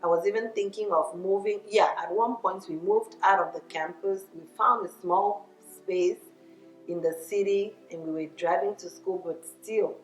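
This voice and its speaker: A woman's voice: mid-range voice, moderate pace. A middle-aged Nigerian woman telling her own immigrant story in an earnest, reflective way. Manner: earnest, reflective, with small laughs and self-corrections. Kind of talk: personal testimony monologue. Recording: echoey room with faint music.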